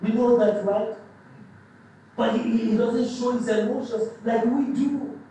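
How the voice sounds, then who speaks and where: High-voiced guy preaching, mellow tone, lots of restarts, sounds far off in an echoey hall with faint hiss. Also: steady tone, unhurried. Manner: emphatic, repetitive, with restarts. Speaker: pastor. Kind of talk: sermon. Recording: echoey hall, mic at a distance.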